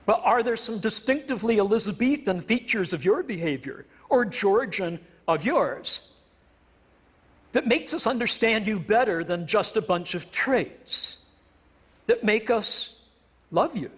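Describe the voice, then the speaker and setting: A man from Canada lectures on stage with a noticeably high-pitched voice. He is a professor with a wry, self-deprecating humor and a playful turn of phrase. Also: fairly bright tone, husky. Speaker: professor giving a stage talk.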